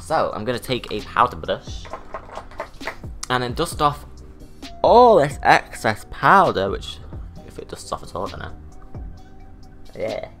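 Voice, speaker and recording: A man's voice: mid-range voice, lively intonation, a little slow, pauses often, sharp tone, faint music behind. A young British man and drag artist, chatting casually through a makeup tutorial with camp, self-mocking asides. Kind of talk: chatty get-ready-with-me tutorial.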